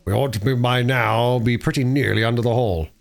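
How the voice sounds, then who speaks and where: Steady, commanding old badger read by a man. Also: medium pitch, fairly quick, creaky, natural voice. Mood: calm, commanding. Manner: calm and commanding, placid. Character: gruff, steady old male badger leader.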